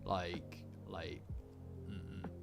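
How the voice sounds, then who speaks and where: Low-voiced man rambling casually over lofi. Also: flat delivery, extremely slow, vocal fry. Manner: rambling, swearing, laughing, answering chat. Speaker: streamer reacting to chat. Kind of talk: casual live-stream chat. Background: faint lofi music.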